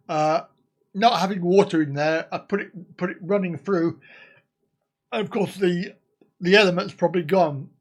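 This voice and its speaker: A man hosting a casual live stream, chatting and laughing as he answers viewer comments. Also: high-pitched.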